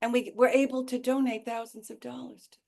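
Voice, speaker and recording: A woman with a New York accent, a stage actress telling stories as a podcast guest in a lively, playful, theatrical way. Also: on the high side, brisk, gravelly. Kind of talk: casual podcast chat.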